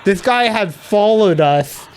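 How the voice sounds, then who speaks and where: A man, a DJ, telling a story in a casual, animated way and laughing often. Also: high-pitched, takes it slowly, slight background noise. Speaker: DJ guest.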